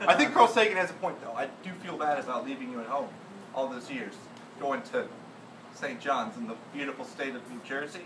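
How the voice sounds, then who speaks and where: A man's voice: medium pitch, lively intonation, brisk. A man improvising a comedy scene on stage, rambling, laughing and trailing off mid-sentence. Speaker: improv performer. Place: small comedy theatre stage. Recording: roomy stage sound from far off with noise.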